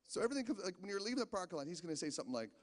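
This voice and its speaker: Animated stand-up comic. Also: male voice, high voice, very fast. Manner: rambling, animated, frequent stammered restarts. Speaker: stand-up comedian. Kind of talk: stand-up comedy set. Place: casino stage. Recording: long hall reverb from a live venue.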